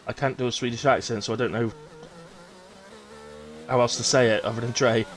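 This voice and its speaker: A young man with a West Country English accent, commentating a sim race on a live stream and chatting with viewers, in a relaxed way full of fillers and self-corrections. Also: mid-range voice, brisk, a little hiss or hum. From England.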